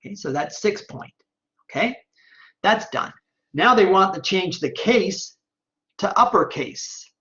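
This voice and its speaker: A man teaching an online class, talking step by step through a screen-recorded software tutorial and checking in often with "okay?". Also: sits high, expressive, a little slow, long pauses, dull audio. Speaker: online instructor.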